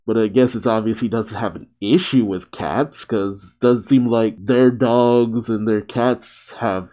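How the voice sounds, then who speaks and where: A man's voice: mid-range voice, lively intonation, a little slow, hardly any pauses, warm tone. A man reading a story aloud and commenting on it in a chatty way, with laughing asides. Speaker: reaction host.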